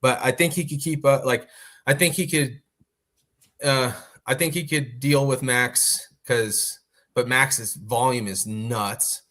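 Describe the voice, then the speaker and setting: A man co-hosting a casual podcast, telling stories in a profane, animated way. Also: medium pitch, slow pace. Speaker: podcast co-host. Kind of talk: casual chat.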